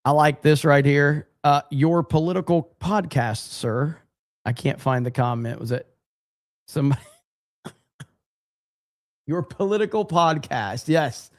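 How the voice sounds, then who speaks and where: A man's voice: a little high, steady tone, a little slow, dry recording, studio quality. A man hosting a casual livestream, reading viewer messages aloud and reacting with jokey exasperation. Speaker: livestream host reading super chats.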